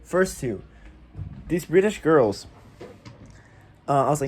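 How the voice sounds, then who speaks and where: A tired young man talking in a casual diary vlog, halting and full of fillers and restarts. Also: on the high side, darkish tone, slight background noise. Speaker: vlogger.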